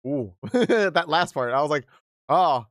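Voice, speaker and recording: A man's voice: on the high side, big pitch swings, measured pace, a bit bright, dry recording. Chatty young man with a dry sound. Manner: chatty, laughs often, stammering restarts. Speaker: livestream host. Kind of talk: casual livestream chat, reading aloud and reacting.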